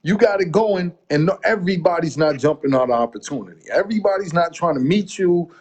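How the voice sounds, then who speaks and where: Man, middle-aged, husky, rather high, rambling storyteller, casual video-call interview. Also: fast. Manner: rambling, animated storytelling with quoted asides. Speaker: music promoter, interview guest.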